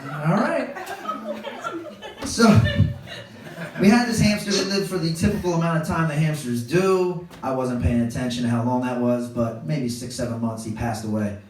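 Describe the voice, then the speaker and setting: A man doing stand-up comedy, telling a family story in an animated way and jumping into high voices for his kids. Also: moderate pace. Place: comedy club stage with a laughing audience. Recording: echoey live room, distant mic, background noise.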